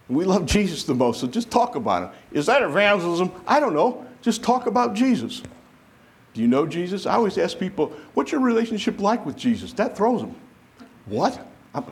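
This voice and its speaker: A man preaching a sermon to a congregation, lively and conversational, acting out the voices of people he quotes. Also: medium pitch. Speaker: pastor.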